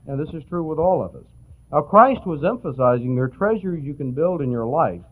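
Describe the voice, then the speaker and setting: Man, preacher, lively sermon voice, folksy storytelling, thin phone-like recording. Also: on the high side, brisk, slightly rough. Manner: folksy, anecdotal, chuckling asides. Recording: tinny, phone-like old tape.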